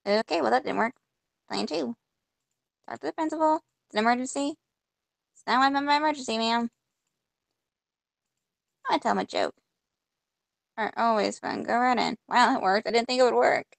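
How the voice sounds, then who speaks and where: A woman's voice: on the high side, normal speed, creaky, long pauses, dry recording. A woman playing a point-and-click game, reading the on-screen text aloud and reacting with mock frustration as she goes. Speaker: gamer. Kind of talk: casual let's-play commentary.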